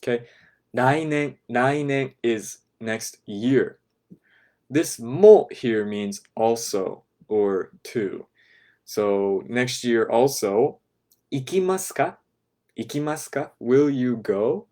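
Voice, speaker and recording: A man teaching a class, patiently breaking phrases down step by step and checking in with "right?", sometimes dropping to a soft, quiet voice. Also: medium pitch, slow. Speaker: language teacher. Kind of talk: explaining a lesson to a class.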